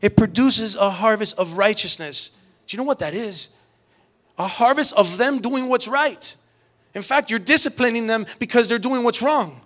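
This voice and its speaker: A middle-aged pastor with a notably high voice delivers a sermon. He speaks earnestly, repeating words as he builds toward emphatic points. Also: moderate pace, fairly bright tone. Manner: earnest, repetitive restarts, rising emphatic preaching.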